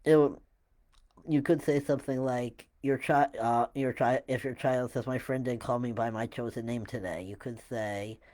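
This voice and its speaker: A man explaining a listening technique to parents in a relaxed, halting way, with many fillers and restarts. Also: medium pitch. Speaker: parenting educator. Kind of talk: casual instructional talk to camera.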